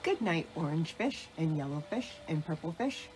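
A woman voicing an eager little female sea otter pup in a storybook read-aloud, with a high, chirpy way of talking. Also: animated, normal speed, darkish tone, faint music behind, poor audio.

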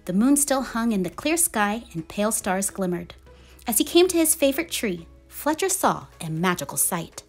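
A woman reading a children's picture book aloud in a gentle, expressive storytelling manner. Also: mid-range voice. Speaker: storybook reader.

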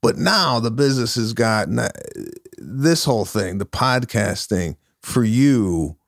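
A man who is a comedian guest on a podcast, chatting casually and often pausing to search for words. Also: medium pitch, expressive, gravelly, no echo, clean studio sound. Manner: halting, searching for words with many uhs. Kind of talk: casual chat.

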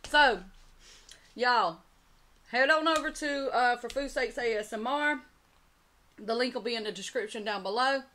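A woman's voice: fairly high pitch, a little slow, pauses often, pushed and bright. A woman hosting an eating show, chatting casually and talking straight to her viewers. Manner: chatty, addresses viewers as y'all. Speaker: mukbang channel host.

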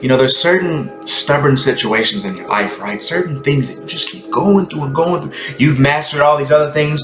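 A man giving a rambling, ecstatic spiritual monologue that sometimes drops into hushed whispers. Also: on the high side, moderate pace, few pauses. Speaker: Christian content creator. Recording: echoey room with music behind.

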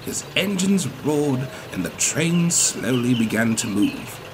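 A man narrating a storybook in a steady, lower telling voice. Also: slow pace, background noise. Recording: music playing behind.

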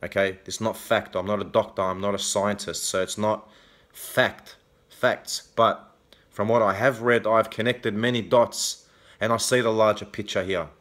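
A man's voice: lowish voice, steady tone, normal speed, a bit bright. A man with an Australian accent ranting angrily to camera in a video blog, swearing heavily and ending points with a challenging "okay?". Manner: heavy swearing, repeated "okay?" tags. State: angry. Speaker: vlogger. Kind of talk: angry confrontational rant to camera.

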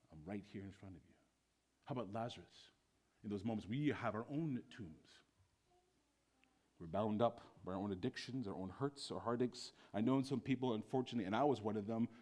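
A man preaching a sermon as pastor in a church, swinging between loud bursts and hushed lines. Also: fairly low pitch, a little fast, long pauses.

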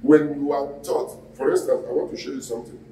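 A man's voice: medium pitch, fairly even intonation, a little fast, warm tone, slight background noise. A man, a pastor preaching a sermon and quizzing the congregation in call-and-response. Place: church hall. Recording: echoey hall, mic at a distance.

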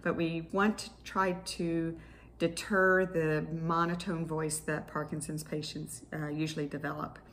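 Woman therapist, low voice, patient clinical explainer, faint hiss behind, instructional class tone. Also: little pitch movement, unhurried, fairly bright tone. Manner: patient, explanatory, clinical terms with small restarts. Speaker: speech-language pathologist teaching an exercise class.

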